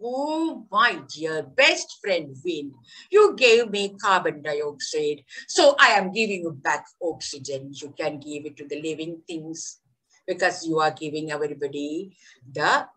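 A woman's voice: low-pitched, lively intonation, unhurried, a bit bright, pitched below the performer's own voice, exaggerated voice, low-quality recording. A woman voicing a small girl leaf in a children's story, speaking in an earnest, childlike way. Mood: grateful. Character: little girl leaf, timid then grateful.

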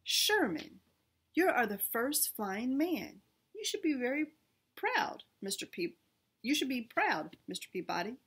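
A woman reading aloud, voicing an excitable old male inventor in a storybook, with a breathy voice. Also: a little high, a little slow, exaggerated voice. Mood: excited. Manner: excitable and exclaiming.

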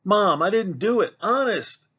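A man's voice: mid-range voice, lively intonation, a little slow, highs cut off, voice pushed up. A man voicing an anxious young boy who pleads and defends himself, in a storybook reading. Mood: worried, defensive. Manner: pleading, worried.

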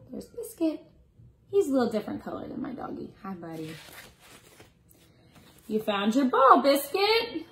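Preschool teacher lady doing storytime, high bouncy voice, yips the dog noises. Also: big pitch swings, moderate pace, long pauses, poor audio. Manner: warm sing-song storytime voice, barking the dog parts. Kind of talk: reading a picture book to children.

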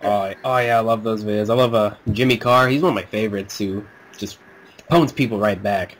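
A man's voice: fairly low pitch, a little fast. A man chatting casually on a talk show, chiming in with short, eager remarks. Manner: short enthusiastic interjections. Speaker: co-host. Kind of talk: casual chat.

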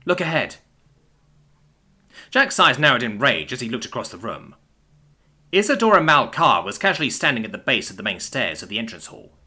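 Animated bright-voiced male narrator. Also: medium pitch, slightly rough. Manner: expressive, animated reading. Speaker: narrator and author. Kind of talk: scripted story narration.

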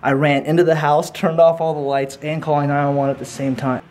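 A man vlogging casually into a handheld camera, excitable and rambling, quick to laugh. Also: on the high side. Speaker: YouTube prank vlogger.

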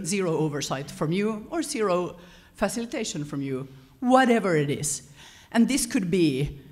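Woman, conference speaker, low-ish voice, conversational lecture with frequent self-corrections. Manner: animated, self-correcting, chuckles between points. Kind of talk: lecture-style talk to an audience.

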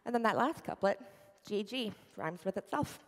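Animated woman speaking in a reverberant hall. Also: medium pitch, normal speed. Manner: animated, explanatory, with many fillers. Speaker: conference speaker. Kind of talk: tech conference talk explaining poetry. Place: conference hall.

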